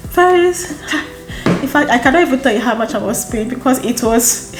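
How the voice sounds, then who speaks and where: A woman from Nigeria with a Nigerian accent, chatting casually to camera as a vlogger, expressive and exclamatory, repeating phrases for emphasis. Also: a little high, normal speed. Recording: roomy echo with faint background music.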